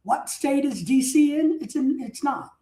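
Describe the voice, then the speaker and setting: A man's voice: very high-pitched, lively intonation, unhurried, warm tone. A man telling stories in a rambling, casual way, drifting off topic and breaking into mock outrage. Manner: talkative, wanders off topic. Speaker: streamer. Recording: roomy echo.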